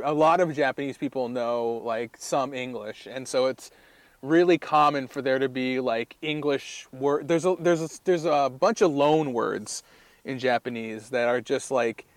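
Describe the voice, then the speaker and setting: A man's voice: mid-range voice, no room sound. A man co-hosting a podcast in casual comedic chat, rambling with lots of fillers and frequent laughter. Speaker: podcast co-host.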